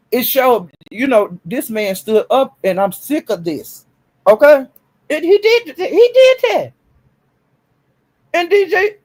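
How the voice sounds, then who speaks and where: A man talking casually and sassily on a live stream, swinging into high exclamations. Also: darkish tone.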